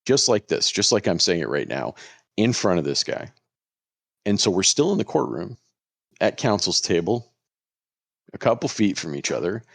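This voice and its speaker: Man, deep low voice, dry close sound, lively storyteller, lawyer chatting on a podcast. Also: moderate pace, vocal fry, long pauses, no room sound. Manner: animated, acts out quoted lines.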